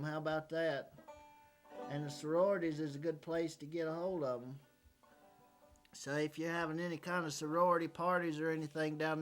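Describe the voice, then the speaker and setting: A man hosts a casual comedic talk show, reading fan mail and telling joking stories in a folksy manner. His voice is on the high side and a bit bright. Faint banjo music plays behind him.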